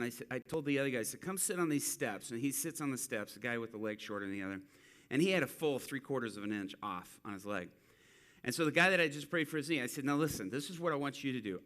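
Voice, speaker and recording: Bright-voiced man preaching a story. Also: mid-range voice. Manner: animated storyteller acting out quotes. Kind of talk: sermon storytelling.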